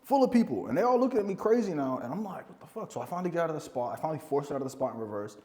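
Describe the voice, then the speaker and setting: A man's voice: on the high side, big pitch swings, racing, warm tone. A man, a guest in a casual chat, telling stories with laughs and swearing. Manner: laughing, profane storytelling. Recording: reverberant room.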